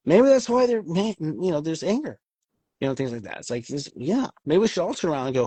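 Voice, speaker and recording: A man co-hosting an astrology talk show in casual chat, talking in an animated way, swearing freely and acting out what people say. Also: on the high side, fairly quick, slightly rough, no echo. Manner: animated, swears freely, acts out quoted voices.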